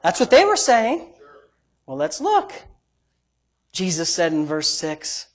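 A middle-aged man, a pastor with a high voice, preaching emphatically and dropping from quiet asides to loud exclamations. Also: huge pitch swings, slow, long pauses. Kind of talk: sermon.

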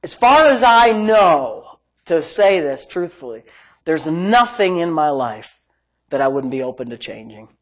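A man's voice: a little high, very animated, unhurried, a bit bright. Emphatic man preaching a sermon. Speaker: pastor.

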